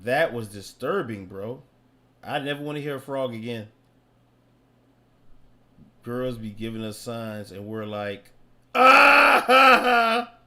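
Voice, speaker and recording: A man doing casual live-stream commentary, loud and joking with slangy reactions. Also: mid-range voice, fairly even intonation, measured pace, long pauses.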